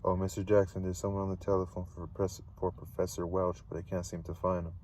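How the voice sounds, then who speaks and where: A man reading the lines of a dull, formal college porter in his own deep voice. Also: monotone, fast, darkish tone, a little hiss or hum, natural voice. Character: gloomy college porter, older man, husky.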